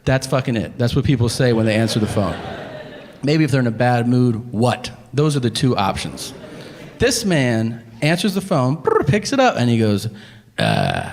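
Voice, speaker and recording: Male stand-up comic, lively pitch, swearing storyteller, stage mic with long hall reverb. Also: normal speed, slight background noise. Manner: animated, profane, acts out others with grunts and flat voices. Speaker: stand-up comedian. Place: comedy stage before a live audience.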